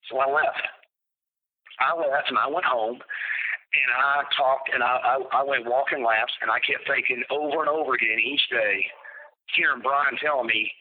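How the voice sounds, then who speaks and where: Interview guest, man, blunt and profane storyteller, heard over a tinny phone line. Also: mid-range voice. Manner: blunt and profane, with halting restarts. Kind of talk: recounting a personal story in an interview.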